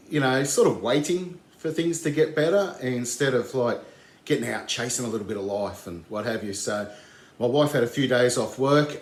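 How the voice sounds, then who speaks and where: Rambling Australian man in a roomy space. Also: mid-range voice. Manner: rambling, easygoing, many fillers. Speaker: vlogger. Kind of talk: casual vlog update. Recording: roomy echo.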